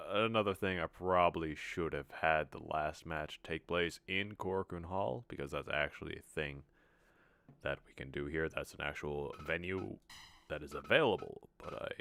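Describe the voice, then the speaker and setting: Deep, crisp-voiced man for earnest, reflective game-stream commentary. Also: bright, forceful tone, dry recording. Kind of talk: casual gameplay commentary.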